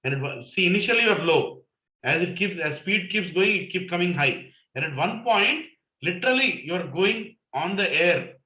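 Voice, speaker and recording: Man, Indian English accent, middle-aged, animated storyteller, satsang talk, bright forceful voice, roomy echo. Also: high-pitched, normal speed. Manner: animated storyteller, mixes in Hindi and Telugu, laughs at himself. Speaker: satsang speaker. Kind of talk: anecdotal spiritual talk.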